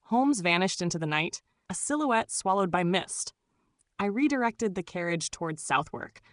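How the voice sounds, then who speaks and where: Woman audiobook narrator, low, steady, dry close sound. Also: dry recording. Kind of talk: scripted first-person narration.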